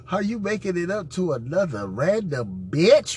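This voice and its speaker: Husky man, wildly mocking. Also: very animated, moderate pace, few pauses. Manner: loud mocking asides, swinging from squeals to low growls. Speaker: podcast host reacting to audio. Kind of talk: profane reaction commentary.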